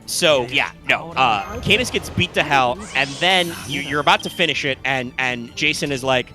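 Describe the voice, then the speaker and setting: A man's voice: medium pitch, normal speed, hardly any pauses. Man, podcast co-host, rambling gaming chat, music under the voice. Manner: rambling, lots of fillers and restarts, swears casually. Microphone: live stream microphone.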